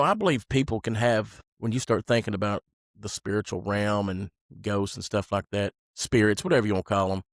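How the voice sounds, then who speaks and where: A man with a low, gravelly voice hosting a podcast interview. He asks relaxed, musing questions and keeps up short affirmations, recorded close and dry. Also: no room sound. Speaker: podcast host. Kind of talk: conversational interview.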